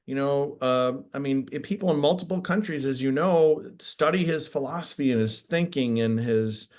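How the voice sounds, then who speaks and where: A man hosting a casual interview, enthusiastic and quick to react, with many restarts and fillers. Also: medium pitch, a little mellow. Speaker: interviewer host.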